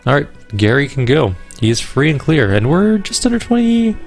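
A man hosting a let's play, reading game dialogue aloud in a casual, quick way with dry asides, with faint game music behind him. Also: a little high, big pitch swings, creaky.

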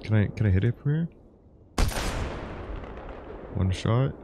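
Young dude swearing thru a game, lowish voice, bounces all over, mutters then yelps. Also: male voice, lively intonation, a little slow, dull audio, background noise. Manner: profane, swings from low mutters to loud yelps. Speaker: gaming YouTuber. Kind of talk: gameplay commentary.

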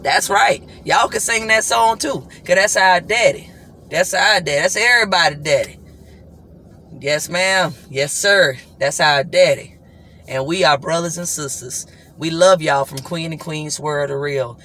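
Vlog host, male, high bright voice, animated devotional chat that repeats its points. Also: moderate pace, slight background noise. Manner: animated, repetitive, breaks into singing. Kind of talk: casual devotional talk to viewers.

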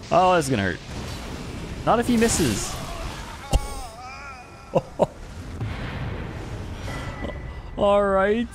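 A man's voice: lowish voice, background noise. A man streaming an online game, giving casual commentary in a playful, teasing way with frequent chuckles.

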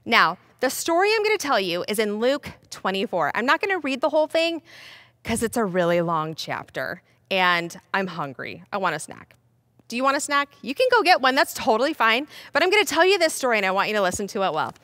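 A young woman teaching a children's Bible lesson, playful and animated, talking straight to the kids. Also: on the high side, brisk, dry recording, studio quality.

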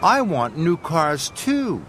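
A man's voice: fairly high pitch, sing-song, unhurried, noisy background, voice pushed up. A man voicing an eager, cheeky young male tank engine who sounds whiny and indignant in a cartoon.

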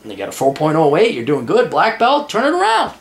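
A man's voice: fairly high pitch, wildly swooping pitch, fast, creaky. A man hosting a casual advice show, blunt and profane, reading a listener's letter and answering it. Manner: reads listener's letter aloud. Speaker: advice podcast host.

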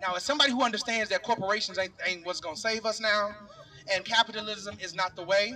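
A middle-aged man speaks at an outdoor rally in a high, sharp voice, talking fast. His impassioned speech is casual and earnest, addressed straight to the crowd with "y'all." The mic catches him from a distance.

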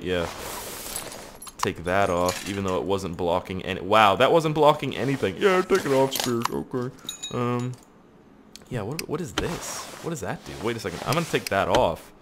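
A young Canadian man casually commentating his gameplay, swearing a lot, excitable, and talking straight to his viewers, just woken up. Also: medium pitch, moderate pace, slight background noise. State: just woke up. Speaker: gaming video host.

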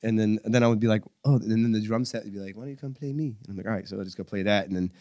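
Man, low voice, fast pace, dry recording, animated storyteller. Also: no echo. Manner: animated storyteller, acts out quotes. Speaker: guest musician. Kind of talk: casual interview chat.

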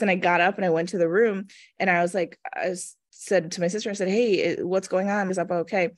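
Speaking quickly in a steady voice on the low side, this manifestation coach in her thirties is captured with clean studio sound and no echo. During a casual interview she earnestly and chattily relates a personal story, performing the voices she quotes.

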